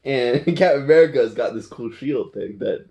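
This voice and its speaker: A man's voice: medium pitch, lively intonation, moderate pace, dark tone. A man retelling a film in a loose, playful ramble, his voice in an everyday middle register. He laughs often and trips over his words, correcting himself as he goes. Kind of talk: casual movie recap.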